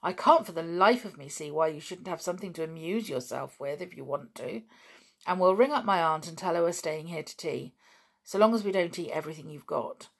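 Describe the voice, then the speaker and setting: A woman's voice: on the low side, fairly quick, slightly rough. A woman voicing a polite, earnest older schoolboy in a storybook reading.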